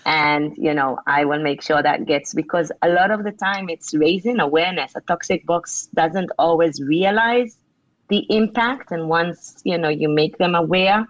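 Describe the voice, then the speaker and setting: A middle-aged woman author answering interview questions with earnest, conversational advice, filling pauses with "you know". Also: fairly low pitch, no echo. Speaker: author and leadership speaker. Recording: dull lo-fi sound.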